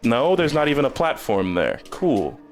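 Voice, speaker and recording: A man's voice: mid-range voice, big pitch swings, normal speed, faint music behind. A man streaming a game, rambling in casual commentary and stumbling over repeated words when he gets stuck.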